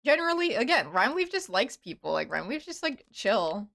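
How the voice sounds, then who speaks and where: A woman's voice: a little high, very animated, normal speed, vocal fry, fairly bright tone. Rambling young woman streaming a game. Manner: rambling, with many fillers and restarts. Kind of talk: casual live-stream chatter while playing.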